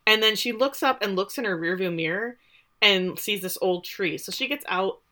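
Bright, chatty woman recapping a show. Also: medium pitch, normal speed. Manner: chatty, wry asides, lots of "like". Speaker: podcast co-host. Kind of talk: casual TV recap chat.

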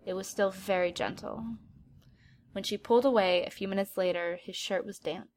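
A woman's voice: medium pitch, fairly even intonation, moderate pace, a little mellow. Woman narrating a story aloud.

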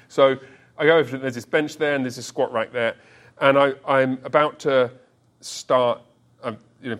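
A man in his forties preaching a sermon as pastor, telling a story with self-deprecating humor and often restarting his words. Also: mid-range voice. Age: 40s. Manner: halting restarts, repeats words.

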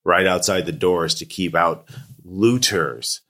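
Low-voiced guy running a tabletop rpg, lots of uh and um. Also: takes it slowly, a bit bright. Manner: hesitant, with frequent fillers. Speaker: game master. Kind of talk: narrating a tabletop game.

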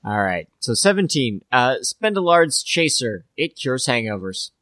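A man's voice: medium pitch, very animated, a little slow, a bit bright, no room sound. A man co-hosting a podcast, chatting casually and sarcastically about tabletop game spells, with jokey asides and swearing. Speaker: podcast co-host.

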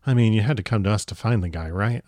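A man's voice: lowish voice, a little mellow, no echo, clean studio sound, close to an everyday voice. A man reading the part of a timid, nervous young woman witch. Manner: timid, hurried.

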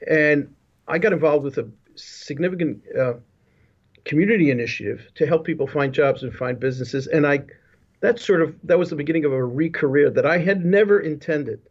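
Higher-voiced man on a dull video call. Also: fairly quick. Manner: rambling, with frequent restarts and asides. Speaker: guest, business leadership consultant. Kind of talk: casual interview storytelling. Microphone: remote video call.

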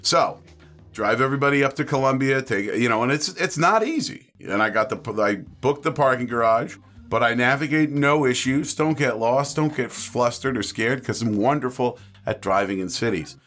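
A man's voice: mid-range voice, moderate pace, a bit bright, soft background music. A young man telling a comic anecdote, acting out the quotes and laughing as he goes. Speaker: player.

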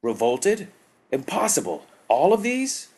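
A man's voice: low voice, moderate pace, lightly acted. A man voicing a stern male insectoid alien commander who barks orders. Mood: shouting.

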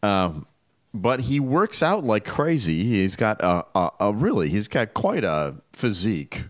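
A man co-hosting a radio talk show in casual banter, animated and laughing often as he reads items aloud. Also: fairly low pitch, measured pace, no echo, studio quality.

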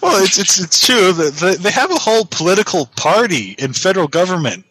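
A man's voice: sits high, very animated, a little fast, sharp tone, husky, poor audio. A man from Canada chatting as a player on a video call, explaining things with hesitant fillers. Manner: hesitant, informative, many fillers. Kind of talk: casual chat.

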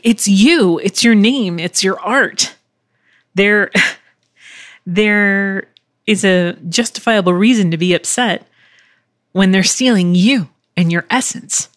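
A woman's voice: fairly low pitch, dry recording. Rambling woman host in dry, close sound. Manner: rambling, filler-heavy, swears freely. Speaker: podcast host and voice actor. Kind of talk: casual solo podcast chat. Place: living room at home.

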